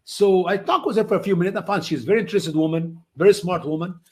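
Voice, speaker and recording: Emphatic man, high voice, English. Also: quick pace. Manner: non-native English, emphatic, acts out quoted voices high. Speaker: guest answering questions. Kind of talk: animated storytelling answers.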